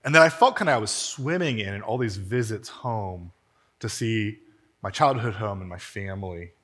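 A man preaching a sermon in a church, telling a story in an animated, conversational way. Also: lowish voice, normal speed. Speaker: pastor. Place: church hall.

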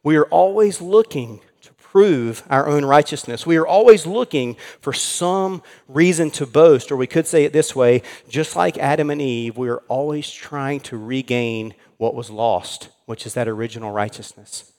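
A man preaching an earnest sermon in a church, slowing down to stress key words. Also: medium pitch, darkish tone, long reverb tail. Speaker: pastor.

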